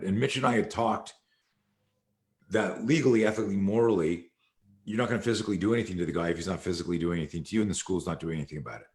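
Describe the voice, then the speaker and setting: A man's voice: low voice, quick pace. A man, a martial arts instructor, telling a long story in an interview and acting out quoted dialogue. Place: live video call.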